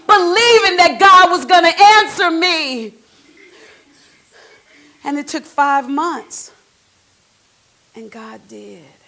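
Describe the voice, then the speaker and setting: Slow, high-voiced woman in a stage monologue. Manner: emotional, swinging from hushed to shouting. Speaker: stage performer in a one-woman show. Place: theatre stage.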